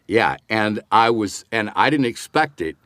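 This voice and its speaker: A man's voice: fairly low pitch, a little slow, dry recording. An older man, a voice actor, telling an anecdote in a casual interview and acting out the lines he quotes. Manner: animated, acts out quoted dialogue. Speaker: voice actor guest.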